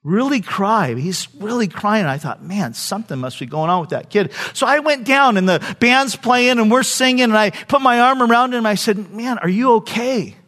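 An older man preaching a sermon, telling stories and dropping from loud preaching to soft, hushed lines. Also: sits high, expressive, normal speed, few pauses. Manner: storytelling, swings from loud preaching to soft near-whispers. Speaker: pastor.

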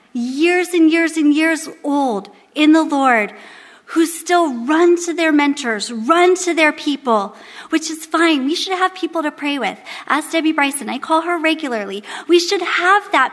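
A woman in her thirties giving a candid, humorous, animated devotional sermon to a women's Bible study. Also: high-pitched, long reverb tail. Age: 30s.

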